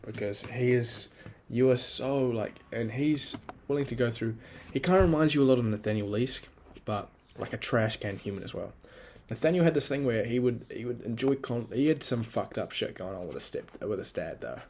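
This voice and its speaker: A man's voice: mid-range voice, lively intonation, moderate pace, darkish tone, slight background noise. Young man rambling over keyboard clicks. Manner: rambling, crude, self-critical talk to himself. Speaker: vlogger. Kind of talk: casual spoken journal.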